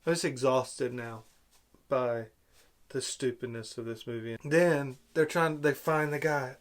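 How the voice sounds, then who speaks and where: A man giving an exasperated, sarcastic film review rant, swinging between loud outbursts and low muttering. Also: steady tone, unhurried. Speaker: movie reviewer.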